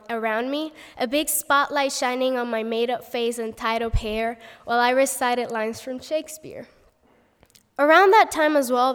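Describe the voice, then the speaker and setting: A young woman, a theater student, giving a prepared speech with a bright, theatrical delivery. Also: high voice, clean tone. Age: young adult. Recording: long hall reverb.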